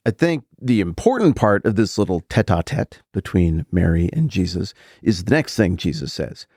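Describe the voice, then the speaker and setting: A man's voice: on the low side, very animated, normal speed, hardly any pauses, a little mellow, dry recording, studio quality. A man in his forties, a podcast host, talking through a Bible passage in a casual, musing way with conversational asides. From American Mountain West or Upper Midwest. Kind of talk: casual Bible teaching monologue.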